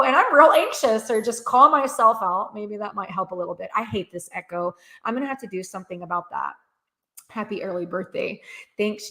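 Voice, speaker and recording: A woman in her early forties hosting a casual live-stream rant, earnest and candid, halting with many restarts and fillers, laughing often. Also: medium pitch, fairly bright tone. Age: 40s. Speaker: livestream host. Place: home room with echo.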